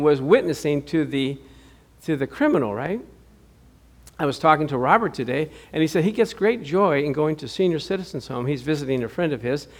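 A middle-aged man preaching a sermon as pastor, animated, with loud bursts and chuckling asides as he tells stories. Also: high voice.

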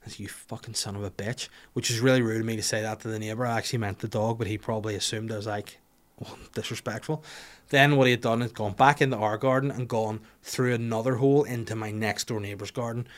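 A man with a Northern Irish accent, hosting a podcast and telling an animated, sweary, self-mocking story in casual chat. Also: fairly low pitch, fast talker, hardly any pauses.

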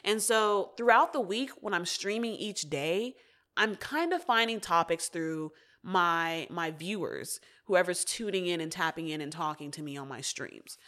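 A woman's voice: lowish voice, expressive, a little slow, a bit bright. A young woman hosting her own podcast, talking candidly and casually, with frequent swearing. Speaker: podcast host. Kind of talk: casual solo podcast talk.

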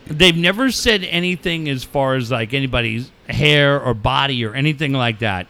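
A middle-aged man co-hosting a radio show, telling excitable stories in casual banter, swearing freely and acting out yelling. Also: medium pitch, normal speed, vocal fry. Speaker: radio co-host.

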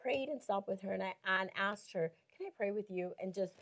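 A woman's voice: medium pitch, a little fast. A woman on a Christian talk show telling a story with lots of acted-out quotes and frequent laughter. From Mexico. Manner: animated storyteller, acts out quotes, laughs often.

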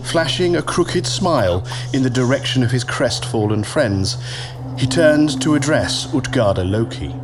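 A man narrating a story in a slow, expressive storytelling manner. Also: medium pitch, over music.

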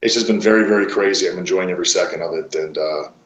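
A man, a pro wrestler guest, telling stories casually, swearing a lot and filling pauses with "uh". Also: sits low. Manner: profane, rambling with many fillers. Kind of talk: casual interview storytelling. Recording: roomy echo.

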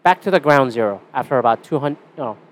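A man's voice: medium pitch, animated, fast. A young Canadian man hosting a casual solo podcast, rambling and swearing with a sarcastic edge. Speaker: podcast host.

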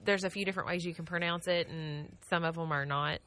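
A woman co-hosting a morning show, chatty and quick to agree and laugh. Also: fairly low pitch, steady tone, fairly bright tone. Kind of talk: casual morning show banter.

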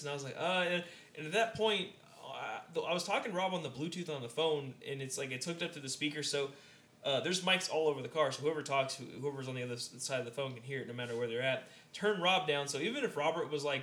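A man's voice: a little high, a little fast. A young man telling a rambling story in casual chat and acting out what people said. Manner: rambling, animated, acts out quotes. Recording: echoey room.

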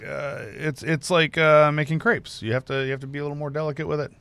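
A man co-hosting a beer tasting show, making quick jokey asides in casual chat. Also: on the high side, level tone, fairly bright tone, clean tone, no room sound. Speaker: co-host of a beer talk show.

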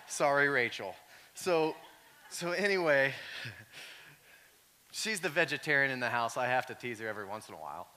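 A male pastor preaching a sermon in a conversational way, full of "like" fillers, moving from quiet storytelling up to shouting. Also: medium pitch, lively intonation, normal speed, pauses often.

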